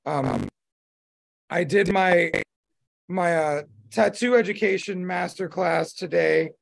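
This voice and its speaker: Here a male podcast host speaks slowly in a high, creaky voice, rambling through a casual conversation full of fillers and restarts.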